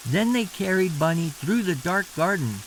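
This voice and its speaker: A man reading a children's storybook aloud as a bedtime story, slow and sing-song with lots of expression. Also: high voice, animated, slight background noise.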